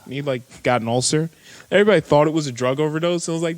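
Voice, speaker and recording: A man's voice: fairly high pitch, quick pace, big-room sound. A young man co-hosting a podcast in easygoing, chatty talk, telling anecdotes. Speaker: podcast co-host. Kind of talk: casual chat.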